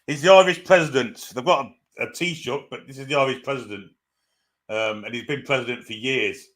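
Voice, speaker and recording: Man, live stream host, casual match chat, greets viewers by name, relaxed. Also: mid-range voice, a little fast. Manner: chatty, greets viewers, reads chat aloud.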